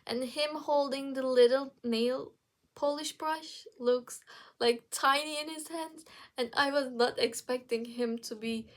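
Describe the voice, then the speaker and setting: A woman's voice: high-pitched, steady tone, unhurried. A young woman vlogger chatting casually about TV shows, rambling with many fillers and restarts.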